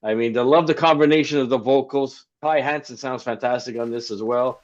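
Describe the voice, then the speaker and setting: A man's voice: mid-range voice, fairly quick, highs cut off. A man hosting a casual panel chat, talking enthusiastically about an album. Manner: enthusiastic, lists songs. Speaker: host.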